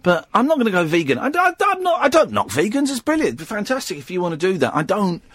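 Husky, lively-voiced man hosting radio. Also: sits high, quick pace, dry recording. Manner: jokey, rambling, mock-indignant. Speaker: radio host. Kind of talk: late-night radio phone-in chat. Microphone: studio mic.

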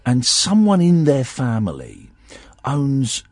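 A male radio host talks casually on air, rambling and restarting his sentences. His pitch swings lively up and down, and the sound is close and dry with no room echo. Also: slow pace. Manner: rambling, chatty, full of restarts.

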